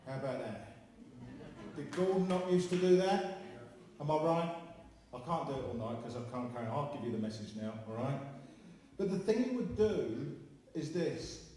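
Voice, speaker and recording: A man's voice: medium pitch, expressive, normal speed, mellow, a little hiss or hum. A man working as a spiritualist medium, chatty and joking with the audience during a live demonstration in a large hall. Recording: echoey hall from far off.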